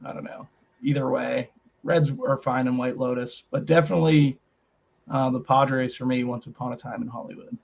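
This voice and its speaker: Laid-back man with a gravelly voice. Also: medium pitch, steady tone, moderate pace, a little mellow. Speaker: co-host. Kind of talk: casual sports betting chat.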